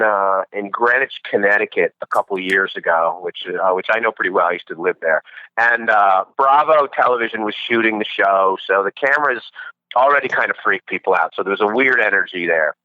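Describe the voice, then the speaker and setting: Male podcast guest on a lo-fi call, animated storyteller, dry sound. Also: on the low side, a little fast, dry recording. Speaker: podcast guest, dating show host. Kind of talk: casual chat by phone. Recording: dull lo-fi call-in line.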